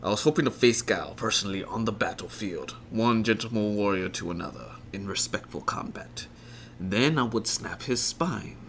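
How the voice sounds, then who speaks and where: A man putting on the voice of a grandiose, megalomaniac male warlord villain, whispering breathily and breaking into high, tearful cries. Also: lively intonation, moderate pace, creaky, fairly bright tone, slight background noise. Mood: mock-solemn.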